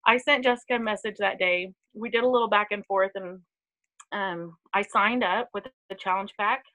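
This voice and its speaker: A woman telling her personal story in a heartfelt, halting way, with many pauses and ums, on a live video. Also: mid-range voice, bright, forceful tone, poor audio. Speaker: team member sharing a testimonial. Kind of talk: emotional personal testimony.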